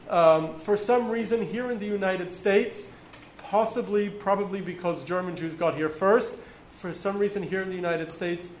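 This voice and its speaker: A man teaching a class, explaining patiently with frequent ums and pauses. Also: high-pitched. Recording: echoey room with faint noise.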